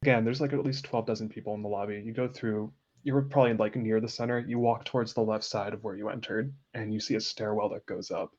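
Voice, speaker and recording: A man's voice: lowish voice, steady tone, quick pace, few pauses, a little mellow. A man narrating scenes as game master in a tabletop game, descriptive, amused and loose. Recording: dull lo-fi sound.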